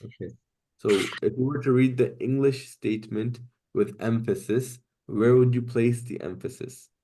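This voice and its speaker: A man teaching Quranic Arabic grammar in a class, explaining patiently step by step and reciting Arabic phrases quickly. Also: mid-range voice, steady tone, warm tone.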